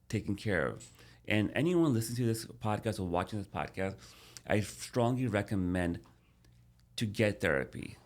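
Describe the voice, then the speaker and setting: Animated man telling a story, low voice. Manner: animated, repeats words and restarts while telling a story. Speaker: podcast guest. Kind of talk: casual storytelling interview.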